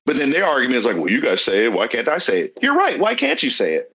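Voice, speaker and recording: A man's voice: mid-range voice, huge pitch swings, fast talker, bright, forceful tone, slightly rough, rough recording. A young man hosting a podcast, talking earnestly in casual conversation and repeating phrases for emphasis. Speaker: podcast host.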